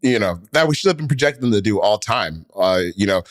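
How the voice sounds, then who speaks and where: A man's voice: on the low side, lively intonation, quick pace, dry recording, clean studio sound. A man co-hosting a sports podcast, talking casually and rambling through his points with lots of fillers. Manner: rambling, heavy on fillers and restarts. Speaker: podcast co-host.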